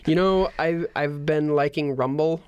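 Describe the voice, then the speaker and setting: A man's voice: fairly high pitch, a little slow, a little mellow, clear, resonant tone. A man hosting a podcast, chatting casually and playfully, fond of dad jokes. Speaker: podcast host. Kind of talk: casual chat.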